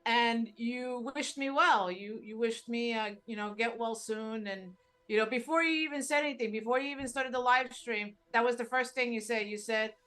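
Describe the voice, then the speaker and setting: A woman's voice: fairly high pitch, moderate pace, few pauses, a bit bright. A woman speaking sincerely and gratefully as a guest on a casual live stream. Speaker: host's girlfriend, guest.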